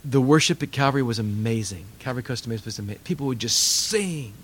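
A man's voice: mid-range voice, animated, quick pace, breathy edge. An older man preaching a sermon, telling stories animatedly and acting out voices. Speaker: pastor.

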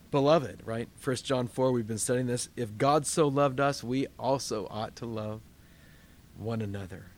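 At a church service, a medium-pitched male pastor preaches his sermon with animation and emphasis. He frequently poses rhetorical questions.

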